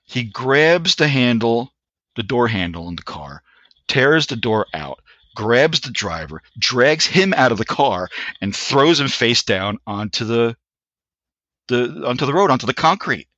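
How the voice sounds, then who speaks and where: Bright-voiced older veteran telling war stories. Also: male voice, medium pitch, big pitch swings, no room sound, lo-fi sound. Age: 60s. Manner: halting, restarts phrases, leans on filler phrases. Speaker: army veteran interviewee. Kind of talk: casual anecdotal storytelling.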